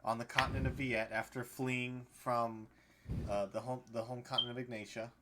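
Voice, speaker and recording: A man running a tabletop game, recapping and narrating in a relaxed, rambling way, with a medium-pitched voice. Faint background hiss sits under him. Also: normal speed. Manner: casual narration with frequent fillers and restarts. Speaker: game master.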